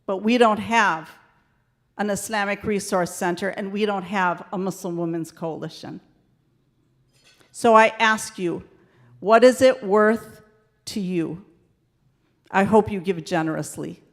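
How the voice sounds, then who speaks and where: A woman giving a formal fundraising appeal from a podium in a large hall, slow, deliberate and emphatic. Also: mid-range voice. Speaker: speaker making a fundraising appeal.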